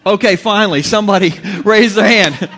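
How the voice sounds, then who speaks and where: A man's voice: sits high, brisk, fairly bright tone. A man in his thirties preaching a humorous sermon as pastor, telling stories with jokes and laughing often.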